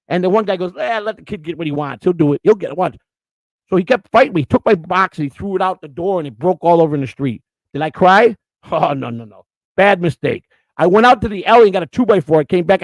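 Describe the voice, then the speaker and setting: An older man telling stories from his childhood, animated and often restarting his sentences. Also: high-pitched, fast talker, no echo. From Chicago. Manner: animated, restarts and repeats words. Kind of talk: casual storytelling.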